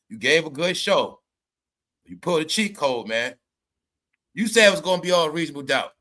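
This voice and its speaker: A vlogger with a bright, forceful, fairly high voice gives casual, comedic commentary. He rambles, swears, laughs, and stammers while he talks.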